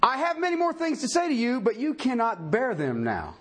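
A male pastor preaching a sermon, reading scripture aloud and swinging between loud rising emphasis and low, quiet folksy asides. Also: very animated, a little fast, husky.

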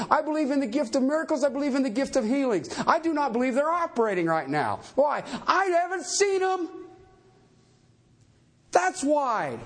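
A male pastor with a very high-pitched voice preaches a sermon emphatically and animatedly, firing rhetorical questions at his church.

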